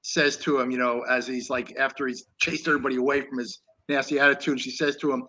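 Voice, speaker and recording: A man's voice: mid-range voice, level tone, fast talker, pushed and bright, low-quality recording. A man co-hosting an online talk show, chatting loosely about an old film with many restarts. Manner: rambling, with many restarts and laughs. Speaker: co-host. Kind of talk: casual film discussion.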